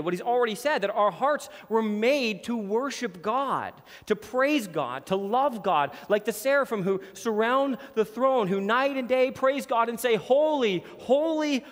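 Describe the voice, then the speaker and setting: A man preaching a sermon in a church hall with a screen behind him, earnest and emphatic, slowing down to read scripture. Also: high-pitched, lively intonation. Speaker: pastor.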